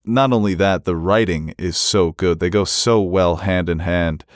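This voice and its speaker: Low-pitched male podcast co-host, dry teasing humor, close dry mic. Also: a little slow, no room sound. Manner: dry joking, then long steady opinion. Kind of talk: casual TV review chat.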